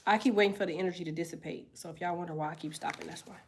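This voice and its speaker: A woman's voice: on the low side, fairly even intonation, rapid-fire. A young woman tarot reader on a casual livestream, chatting bluntly and profanely while she answers comments, congested from a sinus infection.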